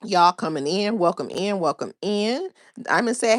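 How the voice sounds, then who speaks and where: A woman's voice: medium pitch, expressive, moderate pace. A woman hosting her own livestream, talking to her viewers in a blunt, profane, rambling way. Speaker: livestream host. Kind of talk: casual livestream chat.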